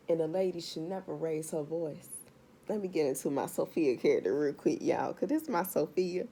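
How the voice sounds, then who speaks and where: A woman's voice: low voice, lively intonation, a little fast, dark tone, a little hiss or hum. Blunt, profane woman tarot reader. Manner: talks straight to viewers. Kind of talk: casual tarot reading vlog.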